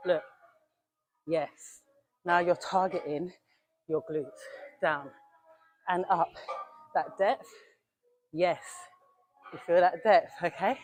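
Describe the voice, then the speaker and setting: A woman's voice: on the low side, slow, long pauses, darkish tone. A young woman coaching a gym workout in a casual, direct way, a bit out of breath as she demonstrates. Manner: direct, coaching, talks to viewers as "you lot". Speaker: fitness coach.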